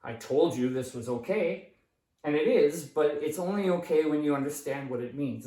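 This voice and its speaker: A man's voice: mid-range voice, a little mellow. A man teaching an English grammar lesson at a whiteboard, explaining patiently, often checking "right?" and "okay?" and correcting himself as he writes. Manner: restarts and self-corrections while writing. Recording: echoey room, voice from a distance.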